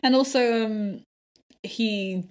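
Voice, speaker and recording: A woman co-hosting a podcast speaks slowly in a slightly high voice during a casual chat. Enthusiastic and quick to laugh, she swears without holding back.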